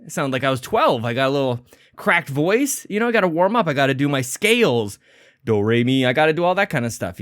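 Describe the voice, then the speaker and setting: Male podcast host, fairly high voice, chatty and rambling, slightly winded, dry room. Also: fairly bright tone, dry recording. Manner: chatty, rambling, self-deprecating. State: a little out of breath. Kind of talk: energetic casual podcast intro.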